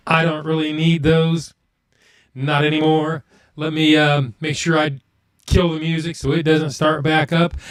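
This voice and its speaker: A man hosting a live stream, chatting casually with viewers and muttering to himself while fixing his audio. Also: on the high side.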